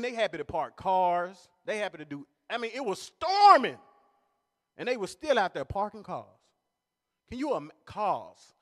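High, lively man doing comedy. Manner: animated storytelling, laughing at his own jokes. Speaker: comedian at a church service. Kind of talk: stand-up comedy. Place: large church hall. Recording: long reverb of a large church hall.

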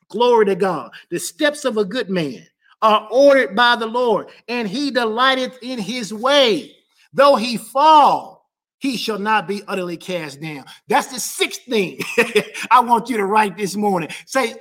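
A woman pastor preaching a sermon with passion, repeating key lines and rising to shouts at the high points. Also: very animated, measured pace.

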